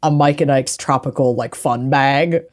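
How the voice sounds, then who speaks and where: A woman with a Minnesotan accent co-hosts a podcast in loose, slangy, joking chat. Her voice sits very low for a woman. She jumps in with quick asides and teasing. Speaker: podcast co-host. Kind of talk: casual chat.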